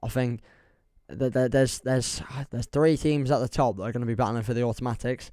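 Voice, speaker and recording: A man's voice: medium pitch, steady tone, brisk, dark tone, dry recording, clean studio sound. A young man with an English accent chatting casually on a football livestream, rambling and laughing as he reads the chat. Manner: rambling, self-deprecating, reads chat aloud, laughs often.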